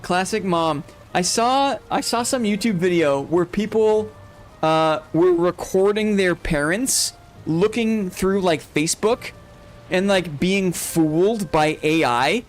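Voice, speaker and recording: Male streamer, high voice, rambling casual chat, laughs a lot. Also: slow. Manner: rambling, self-interrupting, laughs often. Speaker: streamer host. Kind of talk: casual chat while gaming, reading chat.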